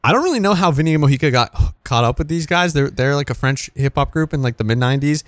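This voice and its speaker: A man's voice: a little high, lively intonation, quick pace, no room sound. A man co-hosting a community radio music show, easygoing and casually profane, introducing tracks with some hesitation. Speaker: radio co-host.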